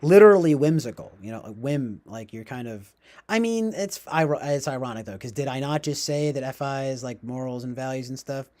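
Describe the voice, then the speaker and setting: A young man hosting a livestream, musing out loud in a rambling way, full of fillers, self-corrections and little chuckles. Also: mid-range voice, animated, brisk. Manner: chuckles often while talking. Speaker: livestream host. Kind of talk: casual rambling livestream talk.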